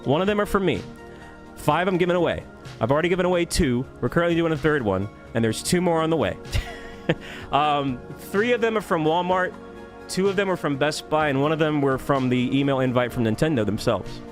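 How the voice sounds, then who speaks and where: A man streaming live, cheerfully greeting viewers by name and thanking them with quick laughs. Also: fairly high pitch, expressive, soft background music. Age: adult. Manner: upbeat, rapid shout-outs with laughs. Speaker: YouTube streamer.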